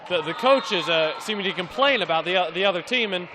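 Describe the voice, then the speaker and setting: A man's voice: sits high, lively intonation, brisk, a crowd in the background, noisy background. An American man giving live volleyball co-commentary, chatty and hesitant with many restarts.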